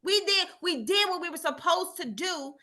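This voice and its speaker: Woman, middle-aged, high bright voice, animated preachy storyteller, emphatic repeats. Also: moderate pace. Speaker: motivational speaker. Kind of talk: motivational storytelling talk.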